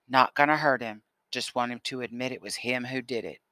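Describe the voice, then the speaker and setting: A man's voice: medium pitch, a little fast, pushed and bright, dry recording, close to an everyday voice. A man voicing a grim, determined man who speaks tersely and in warnings.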